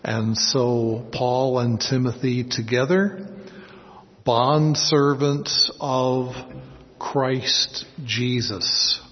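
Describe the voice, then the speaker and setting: A man teaching through a Bible passage verse by verse, slowly explaining words and stressing the key ones. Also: mid-range voice, steady tone. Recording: dull sound with long hall reverb.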